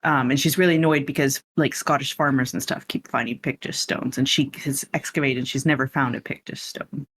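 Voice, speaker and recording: A man's voice: mid-range voice, steady tone, fairly quick, hardly any pauses, fairly bright tone, breathy edge. A man hosting a podcast, casually recapping a film in a chatty, rambling way with lots of asides. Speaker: podcast host.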